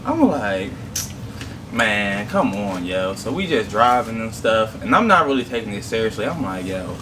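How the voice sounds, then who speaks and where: A young man telling a story in a relaxed, slangy way, often asking "you know what I'm saying". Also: on the low side, moderate pace. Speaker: mukbang co-host. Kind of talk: casual storytelling. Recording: distant mic with clear background noise.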